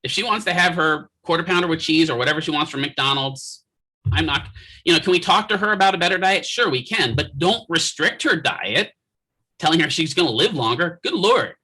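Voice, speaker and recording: A man lectures from his office with a bright, forceful edge to his voice and a fairly high pitch for a man. He keeps it conversational, tossing in jokes and asking "right?" to keep the class with him. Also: lively intonation, a little fast, husky, rough recording. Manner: joking, conversational, rhetorical "right?" checks. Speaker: physical therapy instructor.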